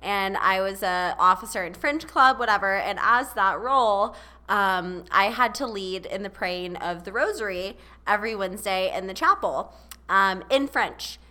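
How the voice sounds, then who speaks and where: A woman's voice: medium pitch, moderate pace, sharp tone. A young adult woman co-hosting a podcast, telling stories in casual chat with quoted asides. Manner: chatty, storytelling with quoted asides. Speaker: podcast co-host.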